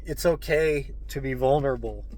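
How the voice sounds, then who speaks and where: A man's voice: mid-range voice, normal speed, darkish tone, rough recording. A man hosting his own channel, speaking earnestly and repeatedly calling his listeners folks, at times choked up with emotion. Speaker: host. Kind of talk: heartfelt monologue to viewers.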